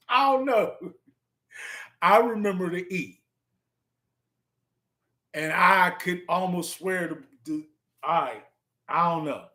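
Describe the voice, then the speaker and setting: A man's voice: sits high, pushed and bright. A man hosting a live stream in a casual, laid-back way, chuckling often and spelling words out letter by letter as he chats with viewers.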